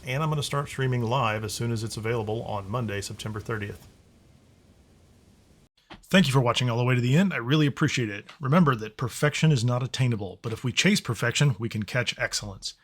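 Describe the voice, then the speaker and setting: A man hosting a video game guide, talking casually over gameplay in a relaxed, rambling way that often restarts sentences. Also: medium pitch, slight background noise.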